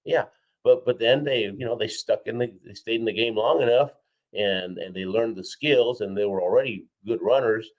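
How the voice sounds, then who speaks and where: A man with a fairly low voice tells a story as a guest in an interview. He is energetic and lively, acting out quoted people and checking in with "right?" and "okay?". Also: moderate pace, highs cut off. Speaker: guest, four-time Olympian and keynote speaker. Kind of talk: animated storytelling in a podcast interview.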